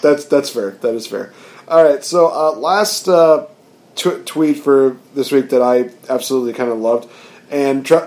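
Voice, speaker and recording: A man's voice: medium pitch, darkish tone. A man co-hosting a casual podcast, talking eagerly and rambling with lots of fillers. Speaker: podcast co-host. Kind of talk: casual chat. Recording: roomy echo.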